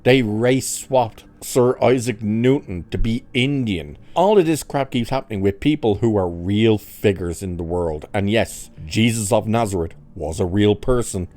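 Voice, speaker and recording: Male host, low-pitched, sarcastic angry rant to camera. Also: lively intonation, measured pace, few pauses, darkish tone. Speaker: commentary channel host. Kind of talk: ranting commentary monologue.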